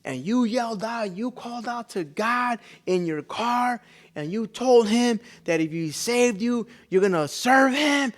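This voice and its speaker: A man's voice: very high-pitched, lively intonation, measured pace, pitched above the performer's own voice. A man putting on the voice of a fervent preacher in a raised, urgent preaching cadence while retelling a story. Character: fervent male preacher calling out a stranger.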